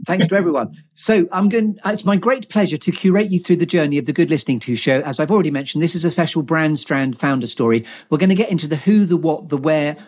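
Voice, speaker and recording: A middle-aged man hosting a live online interview, animated and playful with his wording. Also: on the high side, fast, few pauses, slightly rough. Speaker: host.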